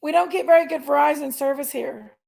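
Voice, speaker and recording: A woman's voice: sits high, a little fast, vocal fry, darkish tone. A woman, chatting casually on a livestream and telling a story. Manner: chatty storytelling, venting, thanks viewers. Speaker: livestream host.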